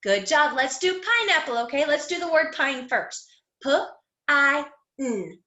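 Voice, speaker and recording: A woman teaching young children an online phonics lesson, sounding out letters slowly in an encouraging, sing-song way. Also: sits high, very animated, bright, forceful tone, echoey room. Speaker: kindergarten teacher. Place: home room.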